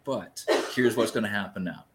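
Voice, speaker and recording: Low-voiced man telling a rowdy story. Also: normal speed, heavy background noise. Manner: rambling, profane, lively retelling. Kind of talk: casual storytelling.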